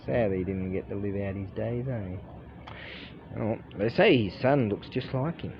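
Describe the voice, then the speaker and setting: A man's voice: on the low side, unhurried. A man with an Australian accent chatting casually while out walking, swearing freely and laughing at his own jokes. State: sleepy. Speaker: vlogger. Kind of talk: casual rambling monologue. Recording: muffled audio with street noise.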